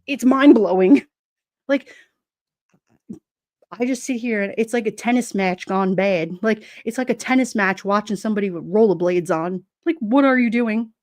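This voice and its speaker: A woman's voice: medium pitch, moderate pace, darkish tone, no room sound. Woman, New York accent, middle-aged, blunt, laughs a lot, casual stream chat, dry sound. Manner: blunt, streetwise, laughs often. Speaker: livestream host. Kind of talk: casual live-chat talk.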